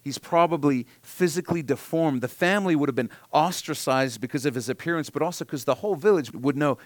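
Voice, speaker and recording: A man preaching a sermon, swinging from hushed, near-whispered lines to loud, emphatic passages. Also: a little high, lively intonation, a little fast, no echo. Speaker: pastor.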